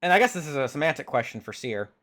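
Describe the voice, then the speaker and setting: A reaction video host chatting casually, excitable and laughing often. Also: medium pitch, fast.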